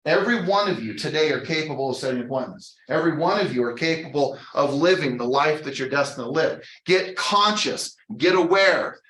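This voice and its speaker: A man's voice: a little high, sharp tone, roomy sound, rough recording. A man leading a sales training session, speaking in an earnest, emphatic way with preacher-like repetition. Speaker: real estate sales trainer. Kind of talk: motivational training talk.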